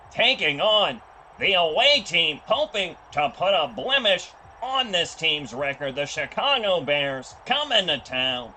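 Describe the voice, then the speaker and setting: A man voicing a hyped male play-by-play sports announcer in a loud, brassy broadcaster delivery. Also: a little high, slight background noise, pitched above the performer's own voice, heavily acted. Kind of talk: mock sports commentary.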